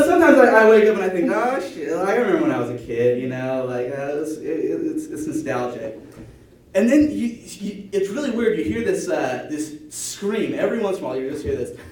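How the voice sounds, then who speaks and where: A man's voice: fairly high pitch, darkish tone, a little hiss or hum. Rambling young man doing stand-up. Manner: rambling, hesitant, many restarts and fillers. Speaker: stand-up comedian. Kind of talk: stand-up routine. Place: small room with an audience. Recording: echoey room from far off.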